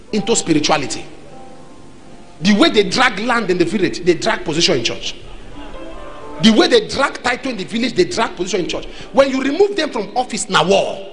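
Lively Nigerian pastor preaching. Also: male voice, sits high, rough recording. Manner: animated, acts out dialogue, shifts between loud and soft. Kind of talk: sermon with acted anecdotes.

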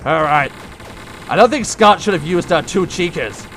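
A young man giving casual gameplay commentary, breaking into frustrated, yelling outbursts at the game. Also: fairly high pitch, expressive, moderate pace, slight background noise. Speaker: let's play gamer.

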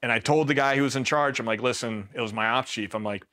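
A middle-aged man from Pennsylvania, a Marine veteran, telling war stories in a casual, deadpan way and quoting himself flatly. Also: medium pitch, quick pace. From Pennsylvania, USA. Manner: laid-back, deadpan, quotes himself flatly. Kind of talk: casual storytelling interview.

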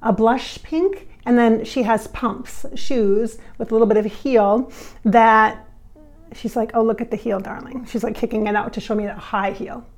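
A woman's voice: a little high, steady tone, measured pace, darkish tone. A woman hosting a spiritual vlog, talking in an effusive, giggly way with frequent laughs. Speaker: channeler and vlog host. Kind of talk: casual spiritual vlog talk.

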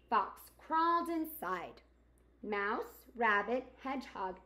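A woman teacher reading a picture book aloud to young children, expressive and asking her listeners questions. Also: medium pitch. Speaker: kindergarten teacher. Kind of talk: storybook read-aloud for children.

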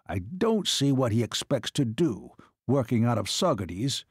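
A man voicing a gruff, irritable older baron who commands troops, speaking in a testy growl. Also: mid-range voice, big pitch swings, normal speed, no room sound, clean studio sound. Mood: irritated.

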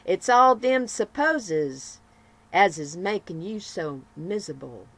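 A woman voicing a joyous, faithful working woman who speaks in homespun, folksy grammar, slowly and with firm emphasis. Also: medium pitch, animated, a bit bright, full character voice.

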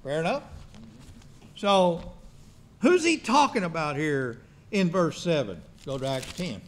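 A man's voice: on the high side, very animated, measured pace. A man preaching a sermon in a church, folksy and joking, firing questions at the congregation.

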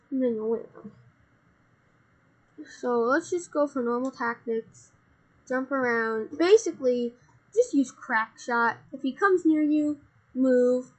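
A woman's voice: high-pitched, slightly rough, rough recording. A woman chatting casually while playing, explaining tactics to her partner. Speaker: gamer. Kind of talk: casual gameplay chat.

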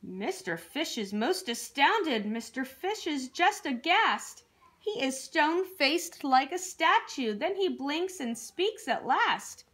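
Slow expressive woman storyteller. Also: sits high. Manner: expressive, rhythmic rhyming read. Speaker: children's storyteller. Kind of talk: reading a picture book aloud.

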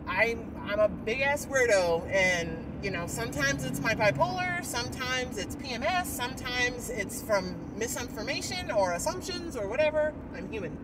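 Woman ranting in a vlog, kinda high lively voice, sighs a lot, traffic noise all around. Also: normal speed, hardly any pauses, recorded from a distance. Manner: emotional, rambling, with sighs and frequent fillers. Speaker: vlogger. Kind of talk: candid personal vlog rant.

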